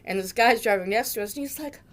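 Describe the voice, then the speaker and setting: A woman's voice: mid-range voice, quick pace. A middle-aged woman from Massachusetts telling a funny memory about a friend, with dramatic, jokey exaggeration. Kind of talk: storytelling tribute.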